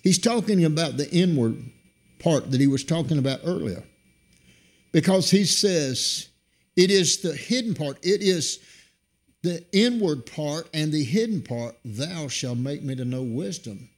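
Preaching at a measured pace, an animated middle-aged man drives his points home with abrupt jumps in pitch and loudness.

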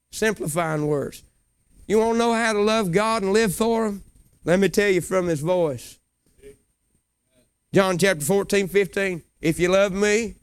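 A man preaching a sermon in a folksy way, rising now and then to emotional shouts. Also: sits high, smooth, dry recording.

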